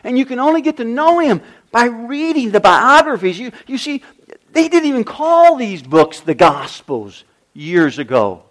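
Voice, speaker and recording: A man's voice: extremely high pitch, very animated, moderate pace. An older man preaching a sermon as pastor, emphatic, with repeated refrains and rhetorical questions.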